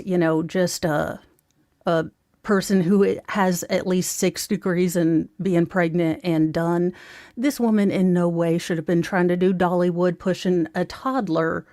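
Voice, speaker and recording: A woman's voice: on the low side, slow pace, darkish tone, no echo. Snarky woman commentator, dry sound. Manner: snarky, mocking, rambling with asides; talks to her viewers. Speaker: true crime commentator. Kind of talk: casual sarcastic commentary.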